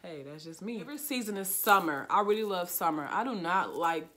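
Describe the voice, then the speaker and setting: A woman's voice: fairly low pitch, animated, a little fast, fairly bright tone. A young woman from Chicago with a Chicago accent, chatting casually in a goofy, rambling vlog where she fills her talk with "like.". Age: young adult. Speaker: vlogger. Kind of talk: casual get-to-know-me chat.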